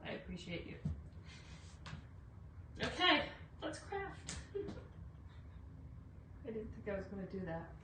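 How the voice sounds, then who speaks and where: This craft livestream host is a woman whose somewhat high, sing-song voice moves slowly and pauses often. She chats casually through her demo, greeting viewers by name with many fillers, in an echoey room where she sounds far off amid faint noise.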